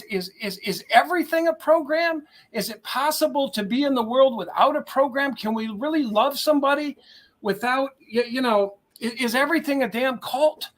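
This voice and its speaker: A man's voice: very high voice, fairly bright tone. Earnest, heartfelt male talk-show guest. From United States. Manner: heartfelt, searching, repeats words. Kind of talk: earnest personal testimony.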